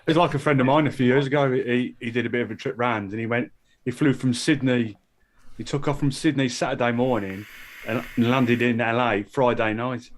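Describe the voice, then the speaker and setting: A man telling an anecdote in casual conversation, animated. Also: mid-range voice, normal speed. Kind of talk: casual chat.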